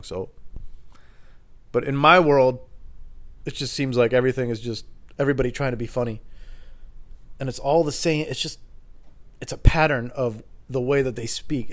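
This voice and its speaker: A man rambling alone for his podcast at home in the kitchen, casual, profane and self-deprecating. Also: medium pitch. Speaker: podcast host. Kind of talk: solo rambling monologue.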